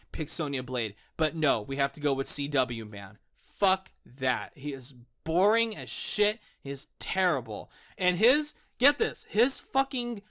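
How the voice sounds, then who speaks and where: Bright-voiced, profane film ranter. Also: mid-range voice. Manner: exasperated, profane, ranting; repeats words and restarts when worked up. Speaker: film reviewer. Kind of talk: ranting film review.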